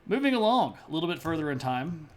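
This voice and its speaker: A man with a voice pitched a little above the usual lectures on history for a live stream audience. He keeps it loose and chatty, full of "uh"s and asides, joking along and greeting chat viewers as he goes. The tone is a casual lesson, not a formal one. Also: very animated, fast. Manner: loose and rambling with many fillers.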